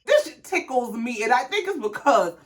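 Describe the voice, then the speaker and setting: A woman's voice: on the high side, big pitch swings, normal speed. A woman giving a casual, profane, sassy recap of a reality show, telling the story with lots of quoted lines.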